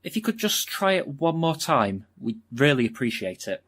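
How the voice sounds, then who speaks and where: An actor playing a polite, hesitant film director who keeps apologizing in a comedy sketch. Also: male voice, mid-range voice, big pitch swings, normal speed, a bit bright. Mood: apologetic.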